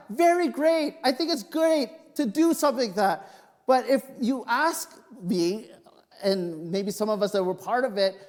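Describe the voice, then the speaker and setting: Pastor guy with a pretty high voice, chatty and jokey, lots of hall echo. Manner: animated, joking storyteller. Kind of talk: sermon with personal anecdotes. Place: church sanctuary. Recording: long reverb of a church hall.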